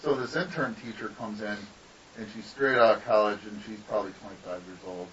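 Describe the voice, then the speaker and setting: Distant, bright-voiced man telling stories. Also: lowish voice, fairly quick. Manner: rambling, profane storytelling. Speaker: guest artist. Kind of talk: casual podcast interview. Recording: distant, dull lo-fi mic with faint hiss.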